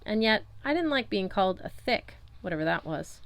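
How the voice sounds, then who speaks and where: A woman's voice: mid-range voice, big pitch swings, a little fast. A woman narrating a first-person audiobook chapter in a wry, conversational storytelling manner. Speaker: audiobook reader.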